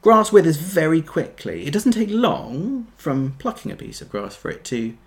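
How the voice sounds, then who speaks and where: A man preaching a sermon, earnest, building to emphatic peaks and then dropping soft. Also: fairly high pitch, very animated, moderate pace.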